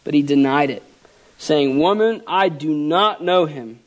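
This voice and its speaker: A man's voice: fairly high pitch, unhurried. Earnest, emotional male pastor preaching. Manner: earnest, emotional, shifts between loud emphasis and quiet softness. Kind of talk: sermon.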